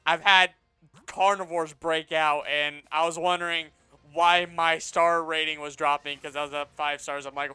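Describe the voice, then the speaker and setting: A man's voice: a little high, normal speed, clean tone, no echo, faint music behind. A man co-hosting a gaming live stream, chatting casually, laughing often and telling stories with lots of energy. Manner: laughs often, animated storytelling. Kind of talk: casual chat while gaming.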